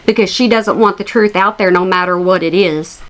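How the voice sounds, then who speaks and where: A woman's voice: mid-range voice, normal speed, a bit bright. A woman hosting a reaction commentary, sassy and mocking as she talks straight to her viewers. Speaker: commentary channel host.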